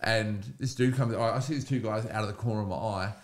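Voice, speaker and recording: A man's voice: fairly low pitch, quick pace. A young Australian man on a podcast, a comedian telling casual stories and acting out the people in them. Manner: animated storyteller who acts out quoted voices. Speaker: comedian and mental health speaker.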